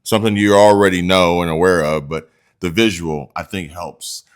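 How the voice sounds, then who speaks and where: Male commentary host, very low voice, stumbling, direct-to-viewer monologue. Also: steady tone, moderate pace. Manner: addresses viewers as folks, restarts and stumbles.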